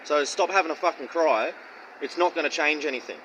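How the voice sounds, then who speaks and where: A man's voice: on the high side, a little fast, a bit bright, slight background noise, rough recording. A man giving casual Bible teaching in a blunt, profane, mocking way and rambling slang. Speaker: street-style preacher.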